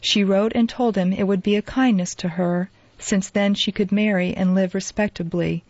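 Woman reading a shy sorry young woman, soft and kind, dull dry lo-fi audiobook sound. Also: mid-range voice, fairly even intonation, normal speed, no echo, lightly acted. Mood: anxious. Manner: soft, kindly, hasty when pressed. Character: young woman, timid and remorseful.

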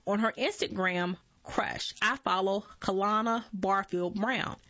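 A woman reading magazine articles aloud at an unhurried pace, often stumbling over words and correcting herself. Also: medium pitch, steady tone, sharp tone, no echo. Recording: dull lo-fi dry recording.

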